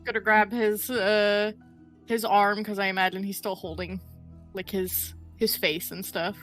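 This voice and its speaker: A woman playing a tabletop game, describing her character's actions in halting, restarting phrases. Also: mid-range voice, level tone, a bit bright, faint music behind. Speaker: player. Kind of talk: casual tabletop game play.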